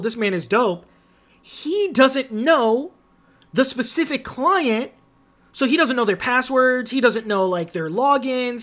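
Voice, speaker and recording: A man's voice: extremely high pitch, fairly bright tone. A young man hosting a casual podcast, telling stories with slang and profanity and big swings in his voice. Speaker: podcast host.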